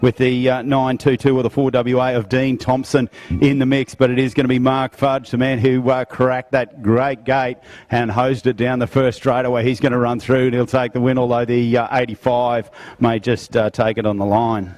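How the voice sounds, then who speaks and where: A man's voice: medium pitch, little pitch movement, moderate pace, a little mellow, dry recording. A man announcing live races at an outdoor track, calling out to the crowd. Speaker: race announcer. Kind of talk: live race commentary.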